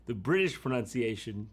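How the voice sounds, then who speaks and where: A woman narrating a comedic commentary video in a sarcastic, jokey manner. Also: rumbling low.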